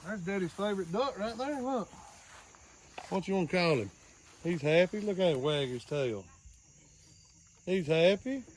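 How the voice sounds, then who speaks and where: A man's voice: sits high, animated, normal speed, long pauses, slight background noise. A man, chatting playfully and doting on a toddler while doing farm chores outdoors. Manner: playful, doting, talks baby-talk style to a toddler. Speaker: homesteader and co-host. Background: faint crickets and farm animals.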